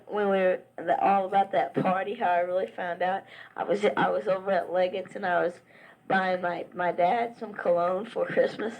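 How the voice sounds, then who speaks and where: A man's voice: high voice, rough recording. Teen boy, casual cassette letter, chatty, rambling, home tape recorder. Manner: rambling and chatty, lots of restarts. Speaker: family member sending a taped letter.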